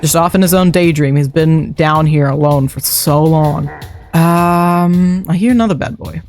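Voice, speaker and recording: A man's voice: a little high, unhurried, a little mellow. A man livestreaming a game, chatting and muttering his thoughts aloud as he plays. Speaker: streamer. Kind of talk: live game-stream commentary. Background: faint background music.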